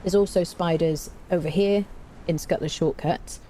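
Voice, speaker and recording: A woman's voice: fairly low pitch, steady tone, normal speed, warm tone, a little hiss or hum. A woman streaming a game, giving chatty live commentary, talking to her chat and humming to herself as she plays.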